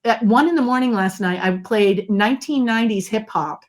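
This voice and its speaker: Lively, emphatic woman guest. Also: on the high side, normal speed. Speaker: guest, body language expert. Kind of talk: conversational interview.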